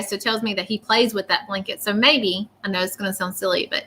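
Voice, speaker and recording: A woman's voice: medium pitch, fairly even intonation, fast talker, hardly any pauses, bright, forceful tone. A woman giving a live psychic reading, earnest and reassuring, often repeating her words. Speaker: psychic medium.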